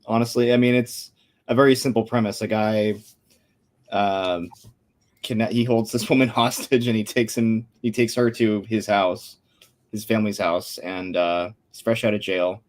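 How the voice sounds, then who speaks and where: A man on a casual film podcast with a somewhat low voice. He speaks in a relaxed, hesitant way, filling his pauses as he goes. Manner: relaxed, hesitant, with many fillers. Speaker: podcast panelist.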